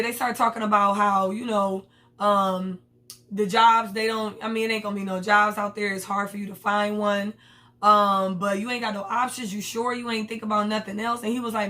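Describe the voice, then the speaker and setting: A woman's voice: mid-range voice, a bit bright. A woman talking through a TV episode in a loose, casual way. She is blunt, slangy and swears freely. She slips into the characters' lines as she retells the scenes. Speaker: TV episode reviewer.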